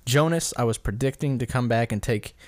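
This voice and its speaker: A man's voice: medium pitch, brisk, a little mellow, no room sound, clean studio sound. A man hosting a casual solo commentary episode, rambling and correcting himself as he stumbles over names. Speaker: podcast host.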